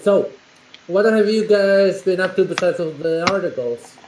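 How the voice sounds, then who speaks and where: Man, stream guest, mouth full, slightly high voice, echoey with faint hiss. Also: expressive, a little slow. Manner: talks while eating, mumbly. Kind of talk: casual livestream chat.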